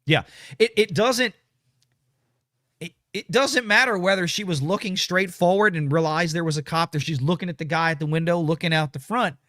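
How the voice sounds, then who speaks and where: A man's voice: high voice, moderate pace, a bit bright, no echo, clean studio sound. A man hosts a casual political commentary livestream, blunt and ranting as he reads viewer comments. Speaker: show host reading super chats.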